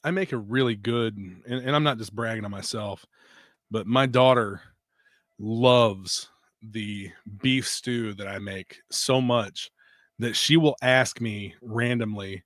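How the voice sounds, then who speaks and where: Podcast guest, man, mid pitch, folksy and easygoing, dry close sound. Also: slow pace, fairly bright tone, dry recording. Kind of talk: casual chat.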